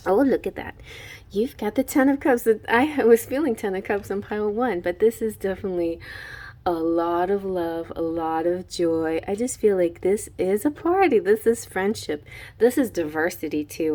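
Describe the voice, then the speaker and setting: A woman's voice: mid-range voice, normal speed, mellow. Gushing, emotional woman reading tarot. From Houston, Texas. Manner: gushing and emotional, laughing often, with many fillers and restarts. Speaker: tarot reader. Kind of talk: casual pick-a-card tarot reading.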